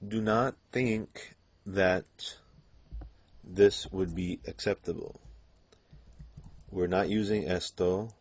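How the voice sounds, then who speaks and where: Male language teacher, low voice, unhurried delivery, dull lo-fi lecture audio. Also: dry recording. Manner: patient, explanatory, frequent "okay" and "um". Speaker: Spanish teacher. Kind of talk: classroom grammar lesson.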